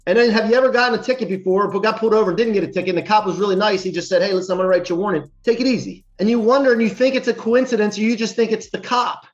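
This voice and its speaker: Man, motivational speaker, quick delivery, emphatic repeated phrases, slightly dull recording. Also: high voice. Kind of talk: motivational talk.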